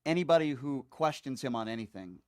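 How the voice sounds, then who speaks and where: A man's voice: medium pitch, lively intonation, fairly quick, darkish tone, clean tone, dry recording. A man hosting a political talk show, chatty and emphatic, with lots of fillers. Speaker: host. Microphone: streaming setup microphone.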